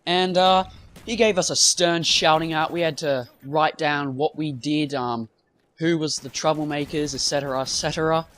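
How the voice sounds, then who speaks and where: A man's voice: fairly high pitch, steady tone, moderate pace, a bit bright. A young man telling a rambling school story while commentating on gameplay, full of fillers and asides. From half British. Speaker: gaming commentator. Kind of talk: casual storytelling over gameplay.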